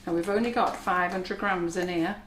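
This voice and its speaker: A woman with a husky voice, chatting reassuringly as she gives a live baking demonstration in a kitchen. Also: fairly low pitch, steady tone, moderate pace, a bit bright. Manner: chatty, reassuring, talks while working. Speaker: cake decorating instructor. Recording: echoey kitchen with faint noise.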